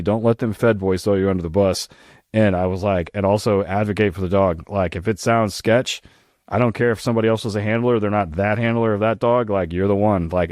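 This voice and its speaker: A man co-hosting a podcast, in casual chat, telling profane, animated stories about his dog handlers. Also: lowish voice, no room sound, studio quality. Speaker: podcast co-host, police dog program lead.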